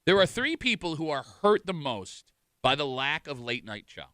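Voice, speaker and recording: Animated bantering radio host, man. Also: fairly high pitch, normal speed, no echo, studio quality. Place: radio studio.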